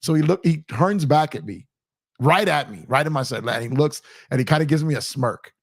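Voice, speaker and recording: A man's voice: a little high, animated, fairly quick, breathy edge, no room sound, clean studio sound. A man hosting a casual post-game chat, rambling and laughing, his voice worn and strained from screaming. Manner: rambling, laughs often, many restarts. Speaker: YouTube channel host.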